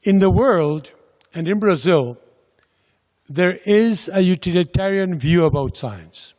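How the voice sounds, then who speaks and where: A man giving a slide presentation about a funding agency's programs, speaking slowly and deliberately with pauses and fillers. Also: high voice, animated, a little mellow. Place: lecture hall. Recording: lecture hall with long reverb.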